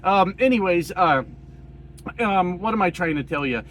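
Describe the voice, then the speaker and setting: A man from rural Colorado giving a casual, profane political rant, hoarse and coughing, rambling with many fillers. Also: high voice, animated, moderate pace, a bit bright, a little hiss or hum. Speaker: political commentator.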